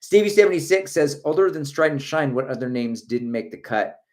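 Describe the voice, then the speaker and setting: A middle-aged man hosting a casual livestream about running. He reads out viewer comments and riffs on them with a chatty, joking manner, often breaking into a laugh. His voice sits at an ordinary male pitch. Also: expressive, brisk, a little mellow. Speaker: running channel host.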